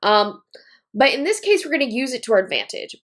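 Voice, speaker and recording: A woman walks through a knitting technique step by step, narrating each move as she works. Her delivery is methodical and repetitive, and her voice carries a noticeable gravelly fry. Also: high-pitched, big pitch swings, brisk. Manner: methodical, repeats key points, talks while working. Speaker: knitting teacher. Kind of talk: step-by-step tutorial demonstration.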